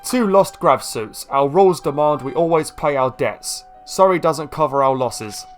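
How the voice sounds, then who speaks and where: A man reading the lines of a stern woman leader in a slow, scolding tone. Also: on the high side, lively intonation, faint music behind, lightly acted. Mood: cold.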